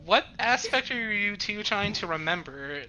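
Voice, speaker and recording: A woman's voice: medium pitch, animated, measured pace, bright, forceful tone, dull audio, a little hiss or hum. A woman playing a tabletop game, chatty, describing her character's actions. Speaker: player. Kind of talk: casual tabletop play.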